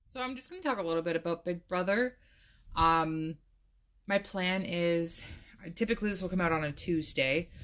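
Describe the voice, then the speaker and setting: A woman's voice: on the low side, normal speed, fairly bright tone. A woman hosting a casual solo podcast, chatty and full of "like," laughing now and then. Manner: chatty, says "like" a lot, laughs often. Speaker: podcast host.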